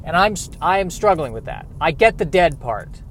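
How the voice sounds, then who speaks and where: A man with a somewhat high voice works through his grief in a reflective monologue. He talks in halting, rambling stretches, restarting often and slipping in self-deprecating asides. A faint hum of noise sits behind him. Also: big pitch swings, fairly bright tone. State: grieving.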